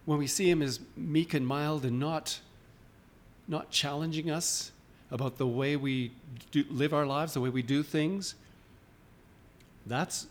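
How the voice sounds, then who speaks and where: A man with a slightly high voice and fairly even intonation preaches unhurriedly in a church. His conversational sermon is informal and questioning, and he often restarts his sentences.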